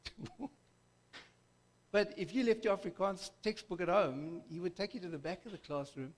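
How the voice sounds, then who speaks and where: A middle-aged man with a South African accent preaching a sermon in a conversational, jokey way that wanders into school stories. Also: a little high. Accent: South African English.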